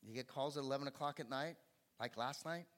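A middle-aged pastor preaching a sermon in a conversational way, building to emphatic bursts. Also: male voice, mid-range voice, fairly quick, a bit bright.

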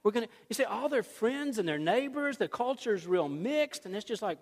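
A man preaching a sermon, retelling a story in a conversational, folksy, animated way. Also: sits high, brisk. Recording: long reverb in a large hall.

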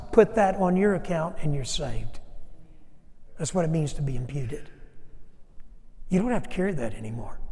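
A man's voice: sits high, darkish tone, big-room sound. A man who is a pastor, preaching a sermon and leading an altar call, speaking earnestly and addressing his congregation directly. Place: church sanctuary.

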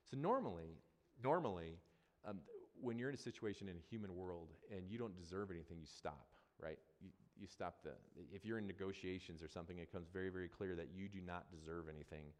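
A man's voice: deep voice, fairly even intonation, fast, few pauses, darkish tone, in a large hall. A man preaching a sermon as a pastor, talking conversationally and repeating phrases for emphasis.

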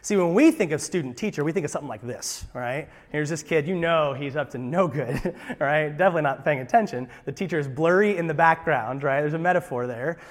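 Man, pastor, lively sermon, higher voice, long hall echo. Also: fairly quick, few pauses. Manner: animated, talks with his hands.

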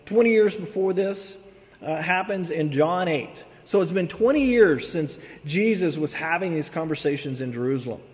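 A man preaching a sermon, reading scripture with casual, animated asides. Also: on the high side. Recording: long hall reverb.

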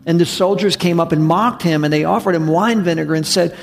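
Male pastor, sermon delivery, gravelly voice a touch above average pitch, long church reverb. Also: fairly quick. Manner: conversational, emphatic preaching with repetition. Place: church sanctuary.

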